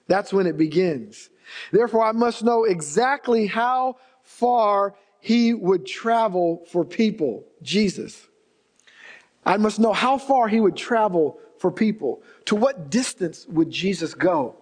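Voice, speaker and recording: A man's voice: high voice, lively intonation, measured pace, darkish tone, big-room sound. A male pastor preaching a sermon, telling stories and repeating key phrases for emphasis. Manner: storytelling preacher, emphatic repetition, varied pace.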